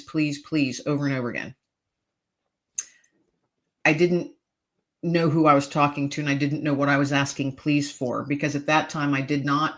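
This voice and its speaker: A woman's voice: deep voice, fairly bright tone. A middle-aged woman, a podcast guest, telling a personal story earnestly and emotionally, with hesitant restarts.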